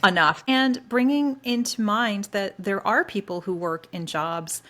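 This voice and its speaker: A woman co-hosting a podcast, talking about a novel in a casual, enthusiastic and expressive way. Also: mid-range voice, unhurried. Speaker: podcast co-host. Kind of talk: casual book discussion.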